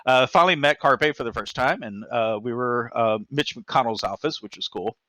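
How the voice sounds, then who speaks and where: A man telling an animated personal story as a guest, his voice bright and forceful. He talks excitably, with lots of fillers and restarts. The recording is dry and close. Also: medium pitch, normal speed, dry recording.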